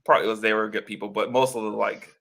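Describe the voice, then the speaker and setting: A man with a bright, forceful voice chats casually, joking and teasing his co-host and laughing easily. His tone stays loose and playful. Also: lowish voice, fairly even intonation, quick pace, vocal fry. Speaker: podcast co-host. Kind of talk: casual chat.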